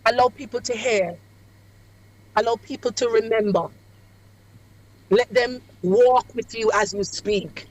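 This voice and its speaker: A woman, a radio guest coaching on public speaking in a measured, emphatic cadence with deliberate pauses. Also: on the high side, fairly even intonation, darkish tone, no room sound, rough recording. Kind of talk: radio interview advice. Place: away from the studio.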